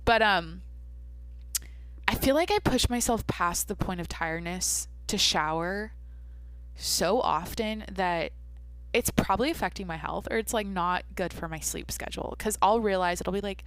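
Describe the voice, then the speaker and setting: A woman's voice: mid-range voice, moderate pace, no room sound. A young adult woman hosting a casual solo podcast, rambling and swearing casually as she talks to herself. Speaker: podcast host.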